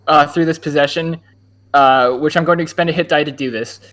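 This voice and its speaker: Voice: mid-range voice, steady tone, a little fast, a bit bright. A player in a tabletop game, rambling and self-deprecating, who also voices a male werewolf adventurer.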